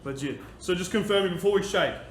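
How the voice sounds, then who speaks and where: A man's voice: high voice, quick pace. A young man hosting a casual talk show, chatty and upbeat as he talks viewers through making a cocktail. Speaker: podcast host and bartender. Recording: echoey room with background noise.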